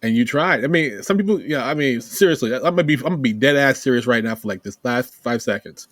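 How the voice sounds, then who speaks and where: A man co-hosting a casual podcast, speaking earnestly and emphatically as he pitches the show to listeners. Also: animated, fast talker, fairly bright tone, no echo. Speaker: podcast co-host. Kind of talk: casual chat.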